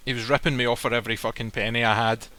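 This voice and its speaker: Storytelling man, bright forceful tone, blunt and profane. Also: mid-range voice, steady tone, quick pace. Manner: blunt, swears freely, acts out quoted lines. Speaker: guest telling a personal story. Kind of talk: casual storytelling. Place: live stream recording.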